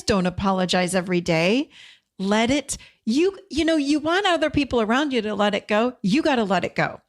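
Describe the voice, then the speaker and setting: A woman hosts a podcast in a loose, conversational teaching monologue, speaking plainly and directly to her listeners. Her voice sits in a middle pitch range for a woman. She drops into short acted-out bits of dialogue as she talks. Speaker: podcast host.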